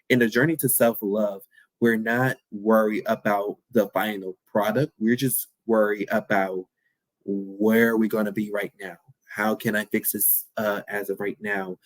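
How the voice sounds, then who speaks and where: A man's voice: lowish voice, dry recording. A young man hosting his own podcast, talking candidly and playfully in a reflective, affirming solo talk. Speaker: podcast host.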